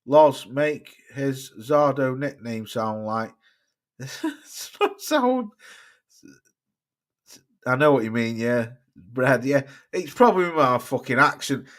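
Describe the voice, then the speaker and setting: Speaking slowly in a sing-song, medium-pitched voice with long pauses, this Cheshire-born boxing livestream host reads out viewer comments. His accent mixes Cheshire and Staffordshire English, and his casual chat rambles with frequent swearing.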